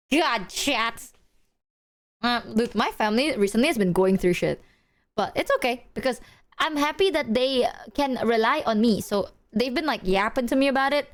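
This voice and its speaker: Animated young woman streamer, slightly high. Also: a little slow, long pauses. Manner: animated, swears a lot, slangy, laughing. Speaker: livestreamer. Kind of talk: casual stream chat.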